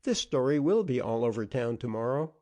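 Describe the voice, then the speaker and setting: A man's voice: mid-range voice, lively intonation, brisk, darkish tone, close to an everyday voice. A man reading an audiobook, voicing a cordial, eager young male newspaper reporter. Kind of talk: audiobook character voice.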